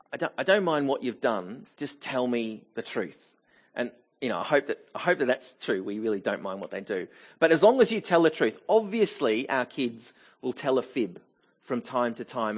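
A pastor preaching, casual and lo-fi. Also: male voice, mid-range voice. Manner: conversational, with frequent fillers and restarts. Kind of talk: sermon. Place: church.

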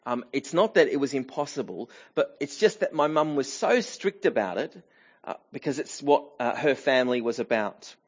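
A man's voice: medium pitch, expressive, moderate pace, breathy edge, dull audio. A middle-aged man preaching a sermon in a church, talking in a conversational way with many fillers and restarts. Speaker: pastor.

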